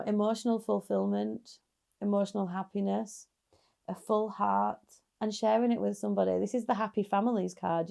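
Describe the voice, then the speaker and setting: A woman's voice: mid-range voice, vocal fry, warm tone. A woman giving a casual, chatty tarot reading straight to her viewers, encouraging and sometimes laughing. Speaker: tarot reader.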